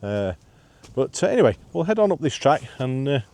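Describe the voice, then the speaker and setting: This man's voice is mid-range, sing-song, creaky, and darkish, moving fairly quickly. He's vlogging while walking a breezy hillside path, out of breath from climbing, chatting in a rambling, self-deprecating manner packed with "uh" fillers.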